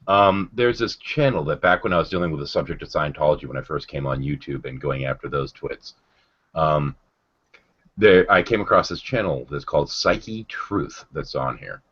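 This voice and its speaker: A man's voice: very deep voice, moderate pace, a bit bright, breathy edge. A man hosting a casual livestream chat, rambling and sardonic, with lots of ums and restarts. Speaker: livestream host. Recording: dull lo-fi stream audio.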